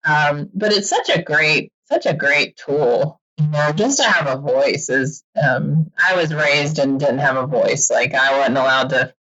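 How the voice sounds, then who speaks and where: A woman talking as a podcast guest in a casual, animated way, laughing often and acting out quick quoted asides. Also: deep voice, lo-fi sound. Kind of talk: casual interview chat.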